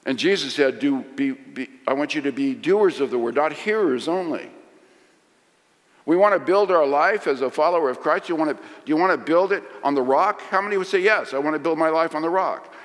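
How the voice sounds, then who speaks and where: A middle-aged man preaching a sermon, swinging from loud emphasis to hushed lines. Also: on the high side, lively intonation, a little fast. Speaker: pastor. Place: large church sanctuary. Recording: long hall reverb.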